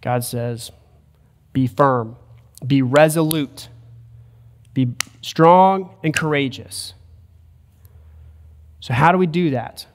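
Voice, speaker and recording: A man's voice: medium pitch, slow pace, long pauses. A man preaching a sermon as a pastor, earnest and building to emphatic points. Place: church sanctuary. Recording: long church hall reverb.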